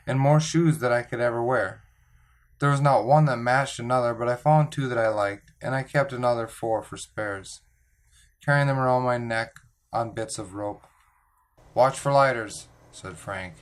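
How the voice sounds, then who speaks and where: A man reading a children's novel aloud in calm, measured storytelling narration. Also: mid-range voice. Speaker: audiobook reader.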